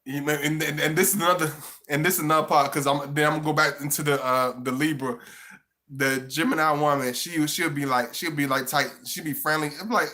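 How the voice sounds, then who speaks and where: Man, casual live-stream chat, rambling, repeats himself, bright tone. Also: a little high, steady tone, a little fast.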